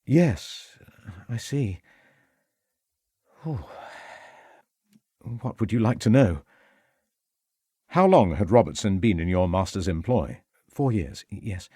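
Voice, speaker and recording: Guy doing a fussy nervous butler, high voice, swoops around a lot, dry sound. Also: expressive, slow, pauses often, dark tone, breathy edge, dry recording, exaggerated voice. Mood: anxious. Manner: superior, flustered, high and fluttery. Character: anxious elderly male butler, fussy and proper.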